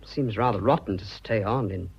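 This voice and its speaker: With fairly low pitch, vocal fry and a slightly rough texture, an English actor speaks at normal speed in a heavily acted 1940s radio role. His suitor is an earnest, bashful young businessman, flustered and ardent, blustering and eager as he declares his love. The recording is a dull old broadcast.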